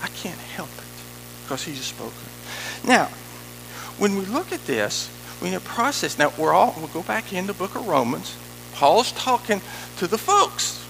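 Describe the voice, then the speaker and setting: Man, preacher, high-pitched, gravelly, bright tone, emphatic sermon. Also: a little slow, a little hiss or hum, low-quality recording. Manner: animated, emphatic preaching, conversational asides.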